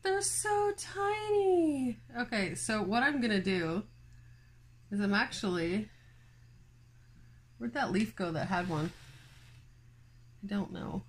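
Slow-talking woman hosting a plant vlog. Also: medium pitch, slightly rough. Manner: chatty, filler-heavy, giggly, talks to viewers. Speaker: plant channel host. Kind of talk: casual chat vlog. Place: home, indoors.

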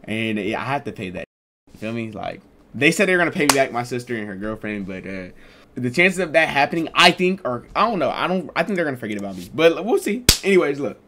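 A man's voice: medium pitch, very animated, fast, noisy background. A young man casually telling a storytime vlog in loose, slangy talk with lots of fillers. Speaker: streamer and vlogger.

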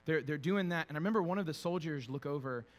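A man preaching a sermon as a pastor, shifting from quiet conversational storytelling with fillers to loud, emphatic preaching. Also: fairly high pitch, quick pace. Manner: conversational, with fillers and repeated words. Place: church sanctuary.

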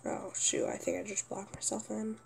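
A young woman commenting on her own gameplay, often exasperated and yelling at a teammate. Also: medium pitch, wildly swooping pitch, normal speed, vocal fry, slight background noise. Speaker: gaming youtuber.

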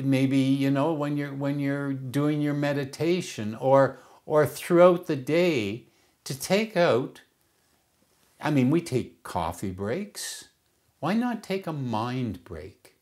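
This is a man giving a reflective teaching talk about the mind. He speaks at an easy, slow pace in a mid-range voice. He often circles back over his own words as he feels his way toward the next idea. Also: mid-range voice. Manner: unhurried, repeats words while searching for phrasing.

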